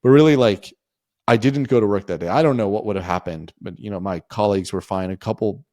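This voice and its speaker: A man's voice: on the low side, fast, darkish tone, dry recording, clean studio sound. A man in his forties, a podcast guest, telling a personal story in a rambling, conversational way with lots of fillers. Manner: rambling, frequent "like" and "you know" fillers.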